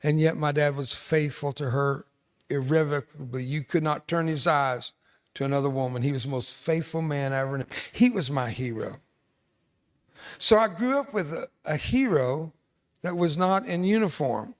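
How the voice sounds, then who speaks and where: At a normal speed, a slightly high-voiced man in his seventies entertains students in a school hall with stories, playing the veteran guest who can't resist a self-deprecating joke.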